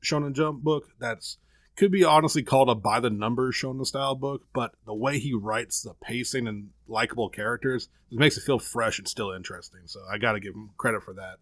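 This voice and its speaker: A man co-hosting a casual comics podcast, laid-back and quick to laugh. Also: mid-range voice, fairly bright tone, dry recording, studio quality. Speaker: podcast co-host.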